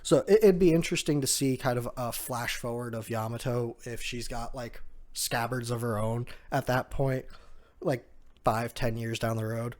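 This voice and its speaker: A man giving a casual, chatty recap of a comic chapter, with frequent fillers and restarts and an amused tone. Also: medium pitch. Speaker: manga chapter reviewer.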